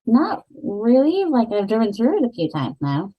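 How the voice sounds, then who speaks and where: A woman co-hosting a podcast, chatting in a relaxed, talkative way with some fillers. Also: fairly high pitch, moderate pace, breathy edge. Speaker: podcast co-host. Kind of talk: casual book chat. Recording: slightly dull lo-fi podcast audio.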